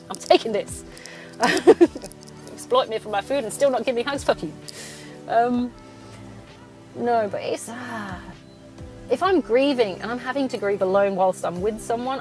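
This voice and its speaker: A woman's voice: fairly high pitch, normal speed, a little mellow, soft background music. A young woman hosting a solo podcast from a car, venting bluntly, swearing often and laughing between thoughts. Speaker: podcast host.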